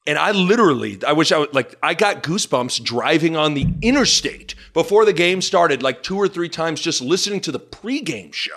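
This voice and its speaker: A male sports podcast host talks in a lively, rambling way, often cutting himself off mid-thought. His voice sits a bit high, with a bright tone and a gravelly edge. His pitch swings widely as he goes. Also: fairly quick, few pauses. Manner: animated, rambling, self-interrupting. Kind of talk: casual sports talk.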